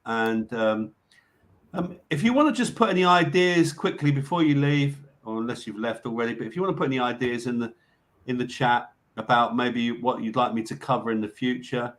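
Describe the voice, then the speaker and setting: A man hosting a live online show, talking casually and haltingly with lots of fillers as he signs off. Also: mid-range voice. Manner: rambling, halting, many fillers and restarts. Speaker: show host. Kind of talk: casual live-stream sign-off chat.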